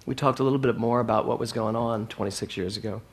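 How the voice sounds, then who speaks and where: A man preaching a sermon to a congregation. He repeats his key phrases and swings between loud emphatic lines and soft asides. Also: mid-range voice, steady tone, fast talker, husky. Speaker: minister.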